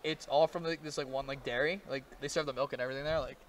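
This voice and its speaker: A man's voice: medium pitch, steady tone. A man doing casual, joking live-stream commentary on a card game match. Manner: joking, rapid banter with laughs.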